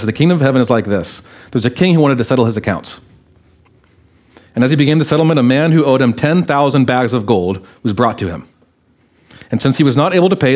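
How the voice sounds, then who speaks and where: A pastor delivering a sermon in an animated, conversational way. He raises his pitch to act out the people in the story and then drops back to his usual voice. His voice sits in the middle of the male range.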